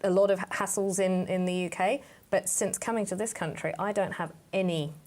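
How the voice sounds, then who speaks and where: A woman from London with a softened English accent, speaking as a panel guest in a measured, reflective way. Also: mid-range voice. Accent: English, softened by New Zealand. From England. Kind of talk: casual panel chat.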